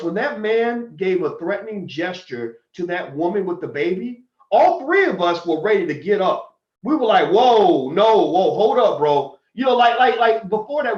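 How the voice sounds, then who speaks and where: Emphatic male streamer, animated high voice, roomy lo-fi sound. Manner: emphatic, preachy, swings from loud outbursts to low asides. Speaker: commentator on a live stream. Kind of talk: fiery monologue to viewers. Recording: roomy, dull lo-fi stream audio.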